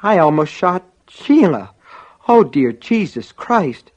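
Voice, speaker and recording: A man's voice: high-pitched, big pitch swings, takes it slowly, a little mellow, pitched above the performer's own voice, full character voice. A man voicing a shaken male deputy who speaks in a small, shocked voice. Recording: dull lo-fi audio.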